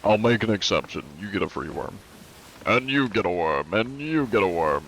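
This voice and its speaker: A man's voice: on the low side, sing-song, normal speed, fairly bright tone, a little hiss or hum. A congested man chatting loosely on a live gaming stream, swearing freely as he talks. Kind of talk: casual gaming livestream chat.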